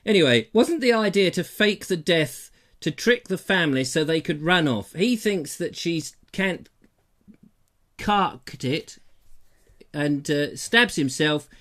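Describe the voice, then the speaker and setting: A man's voice: a little high, expressive, slow pace, fairly bright tone. A man hosting a live comic chat show, rambling playfully through jokey stories. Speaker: host.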